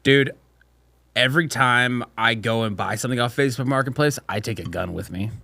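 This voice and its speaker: A man's voice: mid-range voice, a little fast, gravelly, bright, forceful tone. A man co-hosting a podcast in casual chat, crude and laughing, acting out voices as he tells stories. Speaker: podcast co-host.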